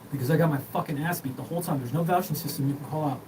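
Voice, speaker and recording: A man's voice: on the high side, racing, a little mellow. A man rambling through a profane, scattered monologue as the host of his own show. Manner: rambling, profane, jumps between topics. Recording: distant mic with noticeable room hum.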